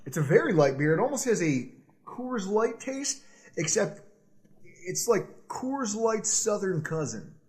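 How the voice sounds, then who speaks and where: A man co-hosting a casual sports podcast, loud and playful, laughing often as he bantered. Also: high-pitched, big pitch swings, unhurried. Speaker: podcast co-host.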